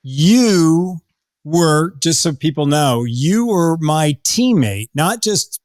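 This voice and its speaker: A man's voice: fairly high pitch, expressive, slow pace, a little mellow, dry recording, clean studio sound. A man hosting a podcast, chatting with enthusiasm and a playful, teasing manner. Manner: enthusiastic, playful, laughs easily. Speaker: podcast host. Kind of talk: casual interview chat.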